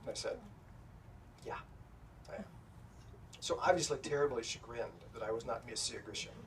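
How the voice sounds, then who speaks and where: A middle-aged man spins a self-deprecating story for a crowd at a bookstore talk, his voice sitting at an ordinary pitch. He sounds a little far from the mic, with a steady hiss running under the room. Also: fast. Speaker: author speaking at a bookstore event. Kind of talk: anecdote told to a live audience. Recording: distant, noisy room recording.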